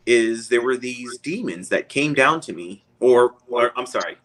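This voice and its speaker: A man's voice: medium pitch, lively intonation, measured pace, hardly any pauses, a bit bright, poor audio. A man, a guest, telling a long personal story in a casual, rambling way and chuckling often.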